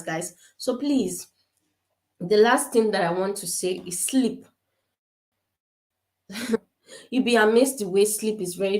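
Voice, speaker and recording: An earnest woman from Africa gives parenting advice over a video call, circling back to her points with fillers and restarts. Her mid-pitched voice rings a little in a roomy space. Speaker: summit speaker on parenting. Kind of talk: casual online talk to parents. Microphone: webcam on a video call.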